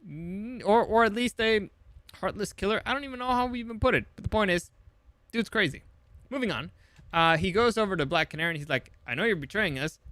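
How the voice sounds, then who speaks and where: A man's voice: high-pitched, fairly quick, fairly bright tone, no echo. A man recapping a movie in a casual, sarcastic way, swearing often and rambling with lots of fillers. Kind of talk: casual comedic film summary.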